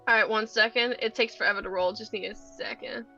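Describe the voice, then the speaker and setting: A woman with a high, bright voice plays a tabletop game and describes her moves in an animated, giggly way. Her voice comes through a slightly dull lo-fi mic. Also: brisk, soft background music. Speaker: player. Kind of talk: casual chat.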